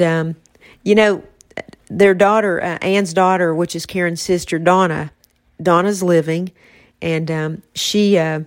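Soft-spoken woman hosting a podcast. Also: on the low side, dry recording, studio quality. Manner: soft-spoken, reflective, emotional at times. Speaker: podcast host. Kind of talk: casual faith-based podcast chat.

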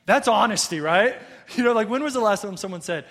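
Male pastor in his thirties, bright high voice, casual animated sermon delivery. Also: fairly quick. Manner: conversational, animated, frequent "right?" asides.

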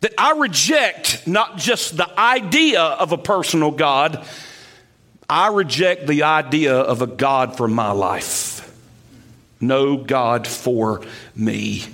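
A male pastor delivering a sermon, his voice sitting high for a man. He moves through scripture at an unhurried, measured pace and builds emphasis as he explains each verse. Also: pushed and bright. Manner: slow, deliberate Bible exposition with rising emphasis.

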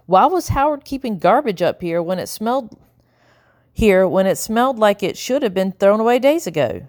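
A woman's voice: medium pitch, big pitch swings, moderate pace, darkish tone, no echo, studio quality. Woman reading a children's novel. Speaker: audiobook narrator. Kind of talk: storybook narration.

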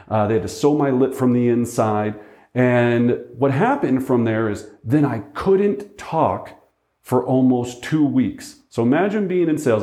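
A man's voice: mid-range voice, warm tone. A man working as a real estate agent tells a story to teach a lesson, chatting casually and often checking in with "right?". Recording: roomy echo.

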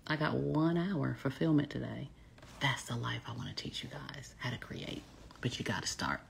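A woman with a Southern accent, a business coach chatting casually with live viewers in a smooth, folksy way, saying y'all a lot. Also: very deep voice, moderate pace, slight background noise. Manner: folksy, says y'all often, smooth delivery.

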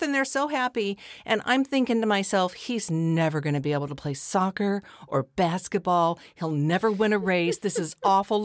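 Woman co-host, lively chatty storyteller, swears a bit, dry close sound. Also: medium pitch, dry recording. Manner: animated, expressive, swears casually. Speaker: podcast co-host. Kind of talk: casual storytelling chat.

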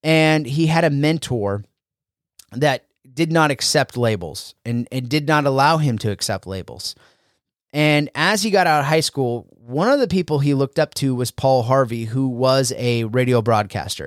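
A man's voice: medium pitch, expressive, moderate pace, dry recording. Male podcast host, earnest motivational talker, mid-range voice, dry recording. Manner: earnest, with frequent fillers and restarts. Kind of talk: motivational solo talk.

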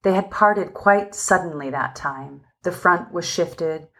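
Gentle woman reading a story aloud, low voice. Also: takes it slowly. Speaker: audiobook reader. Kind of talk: scripted narration.

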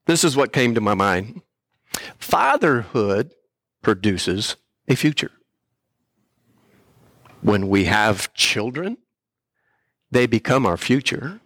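An older man delivers a sermon from a church pulpit at a slow, deliberate pace. His tone is earnest and heartfelt, a little unpolished, with frequent throat clearing. The sound is dry, with very little room echo. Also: medium pitch, sing-song, a bit bright. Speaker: guest speaker, missionary pastor.

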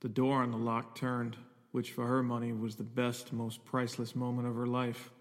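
Flat-voiced man narrating a horror story. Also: mid-range voice. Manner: measured, even storytelling. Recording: long reverb with music underneath.

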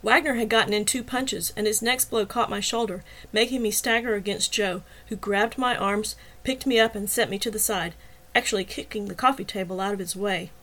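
A woman reading a novel aloud in first person as the narrator, with a steady, expressive delivery. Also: medium pitch, a little fast, rough recording. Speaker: audiobook narrator.

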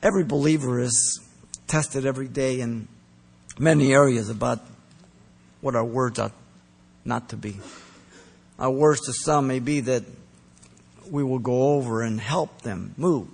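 A man preaching a sermon, earnest and emphatic, pressing his points hard and then dropping soft. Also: medium pitch, normal speed, gravelly, pauses often, slightly rough. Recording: long reverb of a large hall.

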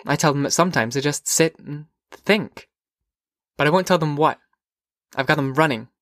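A man voicing a curious, whimsical teenage girl in an audiobook, with lilting, eager questions that come in quick bursts. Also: on the high side, a bit bright, no echo, clean studio sound, lightly acted. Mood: wondering. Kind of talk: audiobook character voice.

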